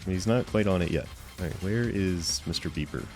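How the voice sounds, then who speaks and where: A man with a deep, low voice commentates a live game stream, chatting with his viewers. He is playful and mock-offended, stumbling over his words in quick restarts. Soft music plays faintly behind him.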